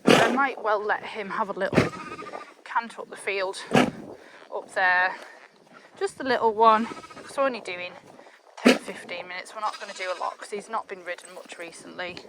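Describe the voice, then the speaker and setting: A woman's voice: normal speed, very noisy. A woman chatting casually to camera while riding through fields, cooing at her animals. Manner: chatty, coos to animals in a high sing-song. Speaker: farm vlogger. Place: outdoors in fields on horseback. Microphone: chest cam.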